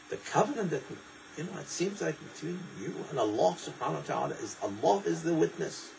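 A man preaching a sermon, explaining scripture in a digressive, lively way and reciting in quick bursts. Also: on the high side, vocal fry, background noise.

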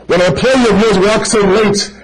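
Man, high voice, preaching a lively, story-driven sermon straight at the congregation. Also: normal speed, rough recording. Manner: animated, addressing listeners directly as brother; tells stories to make a point. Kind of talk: sermon to a live audience.

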